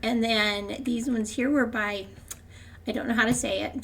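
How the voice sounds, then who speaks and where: Older woman with a creaky voice chatting over gameplay. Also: on the high side, steady tone, measured pace, fairly bright tone, slight background noise. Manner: chatty, laughs often, rambling with restarts. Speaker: gaming channel host. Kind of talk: casual gameplay commentary.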